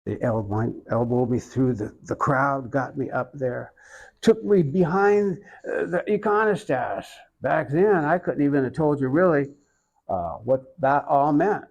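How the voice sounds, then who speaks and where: Gravelly older man from Oklahoma. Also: mid-range voice, poor audio. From Oklahoma, USA. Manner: slow, reflective storytelling with many pauses. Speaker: interviewee, iconographer. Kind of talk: storytelling in an interview.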